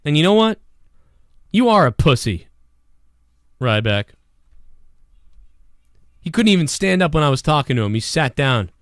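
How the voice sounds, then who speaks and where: A man hosting a casual livestream show, rambling and swearing a lot, with a hoarse voice. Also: a little high, moderate pace, long pauses, no room sound, clean studio sound. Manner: profane, rambling and animated. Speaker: show host.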